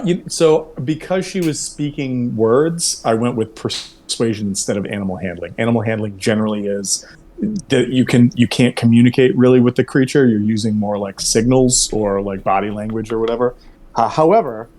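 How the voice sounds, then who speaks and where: A man's voice: medium pitch, normal speed, a little mellow. A man acting as game master for an online tabletop game, talking in an easygoing way with lots of fillers and self-corrections.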